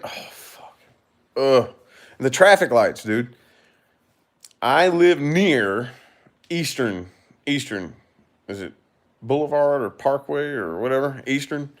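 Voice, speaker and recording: A man from Kentucky, a YouTuber, chatting casually with viewers in a rambling way, swearing and laughing often. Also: mid-range voice. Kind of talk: casual livestream chat.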